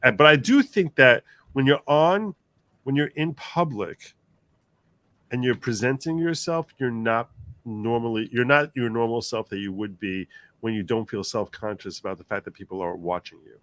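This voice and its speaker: The host of a livestream panel talks at normal speed in a medium-pitched voice, recorded dry. Casual and animated, he reads viewers' comments aloud, does impressions of voices and laughs often.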